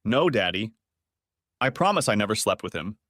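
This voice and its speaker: A man's voice: lowish voice, very animated, normal speed, a bit bright, dry recording, clean studio sound. A man voicing a tearful young adult woman who pleads with her father, in an audiobook story. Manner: sobbing, pleading.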